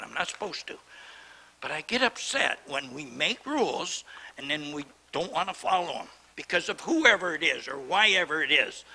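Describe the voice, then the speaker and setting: Worked-up gravelly mayor, high and piercing. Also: male voice, bright, forceful tone, poor audio. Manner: worked up and indignant, lecturing. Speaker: mayor chairing a council meeting. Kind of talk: heated council debate. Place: town council chamber.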